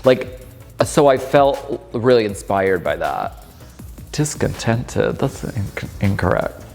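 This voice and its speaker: A man's voice: on the low side, big pitch swings, slow, gravelly, darkish tone. A man in his thirties, a drag performer casually reacting to his old footage, chatty and amused. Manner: chatty, amused, lots of filler "like". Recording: long room reverb with faint music.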